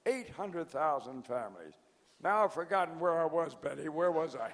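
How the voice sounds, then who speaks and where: A man's voice: fairly high pitch, big pitch swings, normal speed, vocal fry, fairly bright tone. A man of ninety, hard of hearing, giving a folksy, joking anniversary speech that wanders as he loses his place. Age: 90s. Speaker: founder giving anniversary address. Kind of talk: rambling anecdotal speech to a crowd. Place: large event hall. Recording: large hall with faint crowd and noise.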